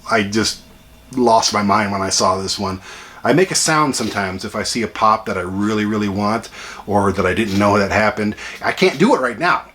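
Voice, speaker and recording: A man hosting a casual home vlog, chatty and excitable with rambling asides. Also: fairly low pitch, a little hiss or hum. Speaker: channel host ranking toy collection. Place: home room with a TV.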